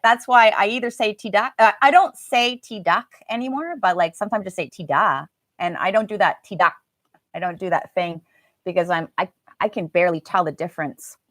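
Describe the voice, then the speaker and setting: A woman's voice: medium pitch, fairly bright tone, no echo, studio quality. Chatty American woman teaching English live. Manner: chatty and laughing, answering viewer comments. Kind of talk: live online pronunciation class.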